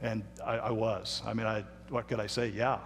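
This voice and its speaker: A middle-aged man, a pastor, telling a personal story in a sermon with emphatic, dramatic pauses and slowdowns. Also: on the low side, little pitch movement, a little hiss or hum. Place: church sanctuary. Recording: reverberant hall.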